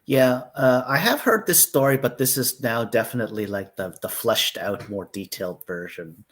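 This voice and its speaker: A man hosting a writing stream in casual chat, easygoing and unhurried. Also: medium pitch, fairly bright tone. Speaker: stream host.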